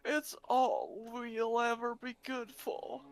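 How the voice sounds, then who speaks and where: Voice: medium pitch, vocal fry, soft background music. An actor voicing a broken, hopeless inner voice that urges surrender to fate. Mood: resigned. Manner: flat, defeated and slow.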